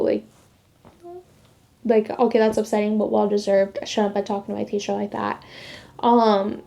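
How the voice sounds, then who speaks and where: A woman's voice: mid-range voice, little pitch movement, normal speed, gravelly, long pauses, warm tone. A young adult woman casually telling a personal story, rambling with lots of "like" fillers and restarts. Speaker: vlogger sharing her faith testimony.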